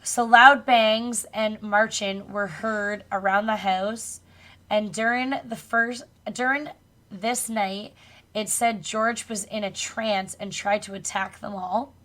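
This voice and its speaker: A woman co-hosting a podcast tells a spooky true story in a relaxed, chatty way. She swears casually now and then and laughs along with her co-host. Her voice sits in an ordinary middle pitch. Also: slow pace. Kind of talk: casual chat, retelling a true crime story.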